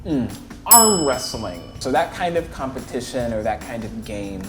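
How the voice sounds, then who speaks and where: A man with an American accent, co-hosting and answering viewer questions about English in a relaxed, easygoing way. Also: medium pitch, moderate pace. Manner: relaxed, easygoing explanations with frequent laughs. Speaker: English teacher, co-host. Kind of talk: casual teaching chat answering viewer questions. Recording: echoey studio with music behind.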